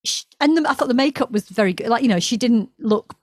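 A woman's voice: on the high side, expressive, quick pace, no echo. Woman, podcast co-host, casual chat, thinking aloud, dry recording. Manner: rambling, thinks aloud with restarts. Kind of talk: casual chat about a TV show.

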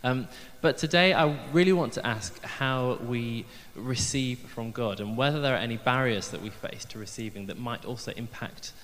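This preacher has a mid-range, slightly bright voice and speaks at a moderate pace with few pauses. He gives a chatty, self-deprecating, light-hearted sermon with frequent ums, and the church hall adds a long reverb.

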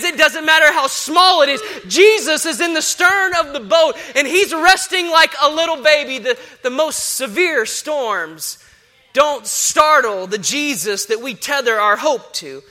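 A man's voice: very high-pitched, expressive, a little slow, bright, forceful tone. A man in his thirties preaching a sermon as a pastor, impassioned and repetitive.

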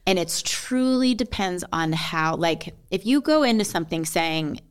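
A woman's voice: on the low side, expressive, measured pace, clear, resonant tone. A middle-aged woman telling a personal story as a podcast guest, earnest and emotional, with rambling sentences. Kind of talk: candid personal conversation.

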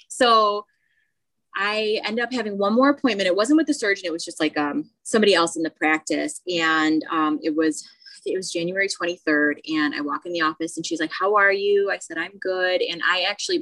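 Bright-toned woman telling a story. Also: fairly low pitch, poor audio. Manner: animated storytelling with many restarts. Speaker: podcast co-host. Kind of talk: casual chat.

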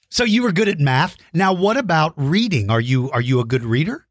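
A woman's voice: sits low, animated, fairly quick, few pauses. A woman hosting a playful chat with a child over a video call, joking and teasing with silly sound effects. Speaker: host.

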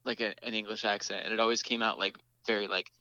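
A man's voice: fairly low pitch, level tone, fast, pushed and bright, dry recording, muffled recording. A man, the lead singer of a band, chatting casually as an interview guest, laughing often and talking with many fillers and restarts.

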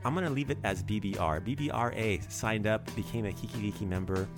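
A man's voice: lowish voice, fast talker, music in the background. A man hosting a casual podcast lesson, chatty and teasing as he teaches vocabulary and drops in foreign phrases.

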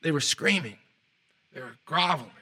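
A man's voice: on the high side, expressive, normal speed, pushed and bright. Emphatic man giving an inspirational speech. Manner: emphatic, draws out key phrases, frequent restarts. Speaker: motivational speaker.

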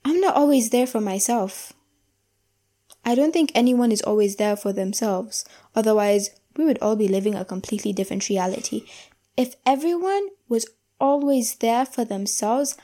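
A young woman hosting her own podcast, talking in an earnest, reflective way and slowing down to stress key phrases. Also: a little high, animated, mellow. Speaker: podcast host. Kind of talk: casual solo podcast monologue.

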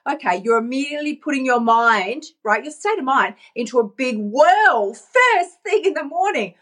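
Chatty, animated woman coach. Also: sits high, fairly quick, few pauses. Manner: animated, chatty, laughs often. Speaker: life coach. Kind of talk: casual motivational talk to camera. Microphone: talking into her phone.

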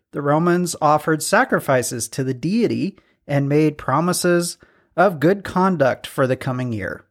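A man co-hosting a podcast in casual chat, reading out trivia with self-deprecating jokes. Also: fairly high pitch. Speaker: podcast co-host.

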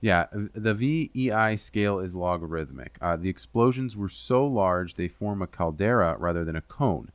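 A man's voice: low-pitched, animated, normal speed, few pauses, dry recording. A man hosting a casual podcast, explaining a science topic in a rambling, self-deprecating way with lots of fillers and swearing. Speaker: podcast host presenting the topic.

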